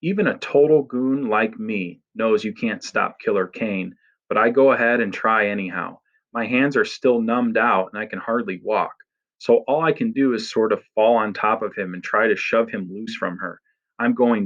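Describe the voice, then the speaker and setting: A man's voice: lowish voice, normal speed, a bit bright. A man narrating an audiobook in the first person, with an intense, dramatic reading in a slightly muffled recording.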